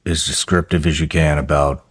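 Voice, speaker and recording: A man's voice: rumbling low, steady tone, moderate pace, husky, no room sound, clean studio sound. A man hosting a podcast interview, asking direct questions and giving brief reactions. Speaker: podcast host. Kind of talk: interview host, reads ad.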